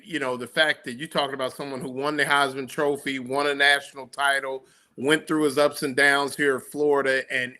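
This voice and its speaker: A man's voice: mid-range voice, sharp tone. A man co-hosting a sports talk podcast as a journalist, talking in an emphatic, earnest way. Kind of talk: casual sports talk chat.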